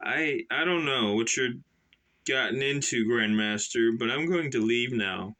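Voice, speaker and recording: An earnest young assassin, voiced by a man reading his own novel, pleads in halting questions with a bright, pointed tone. He speaks slowly and deliberately, sounding lost and alarmed. It is the storybook hero's voice, read aloud. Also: mid-range voice.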